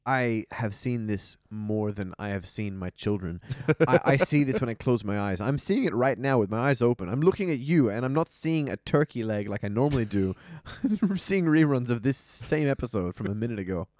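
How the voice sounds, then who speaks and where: A man in a relaxed podcast conversation, joking and riffing as he recaps scenes. His voice sits at an ordinary middle pitch. The recording is dry and close, with no room sound around it. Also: moderate pace, no echo. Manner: jokey, animated recaps of scenes. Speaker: podcast guest. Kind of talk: casual chat.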